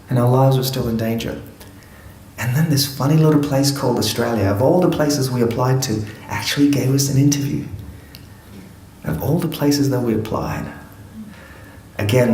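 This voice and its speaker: A man's voice: mid-range voice, a little mellow, echoey room, slight background noise, poor audio. A man from Afghanistan telling his life story to an audience in an earnest, reflective way, with touches of humor.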